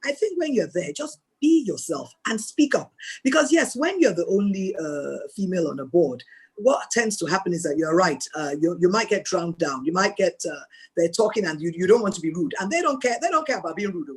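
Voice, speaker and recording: A Nigerian woman speaking as a guest on a mentoring video call, telling lively stories and acting out the dialogue. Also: lowish voice, a little fast, slightly rough. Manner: animated storytelling, acts out dialogue. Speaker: guest speaker and board chair.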